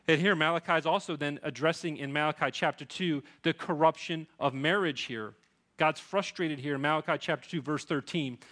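A man's voice: on the high side, a bit bright. A man in his thirties preaching a sermon as pastor, earnest and pleading, with frequent restarts.

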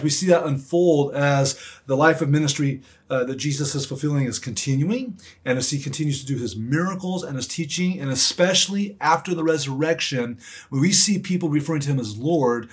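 A man's voice: a little high, husky. A man preaching a sermon as pastor, in an earnest, emphatic manner that leans on repetition.

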